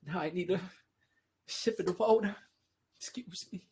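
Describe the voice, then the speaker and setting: A podcast host talks casually on their own in a mid-range, somewhat dark voice at normal speed. The chat is full of playful jokes and sarcastic asides, and they laugh often while talking.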